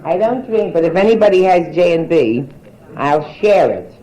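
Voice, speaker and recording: A woman's voice: fairly low pitch, animated, moderate pace. An older woman doing bawdy nightclub stand-up, teasing and bantering with the crowd in a brassy way. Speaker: stand-up comedian. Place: nightclub stage. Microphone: handheld steel mic. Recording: roomy live club recording with audience.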